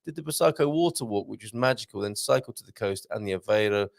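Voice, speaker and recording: A man's voice: lowish voice, expressive, fast, vocal fry, no room sound, clean studio sound. A man hosting a live show in a casual, jokey way, reading out viewer comments and adding chatty asides. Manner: chatty, jokey, reads messages aloud with asides.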